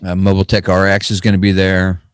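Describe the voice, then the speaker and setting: A man with a very deep voice talks loosely with his co-hosts, tripping over fillers. He has a faint lisp from fresh stitches in his mouth. The sound is dry and close. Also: completely flat delivery, quick pace, clear, resonant tone, dry recording. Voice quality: filler-heavy, rambling storytelling. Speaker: podcast co-host. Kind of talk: casual chat.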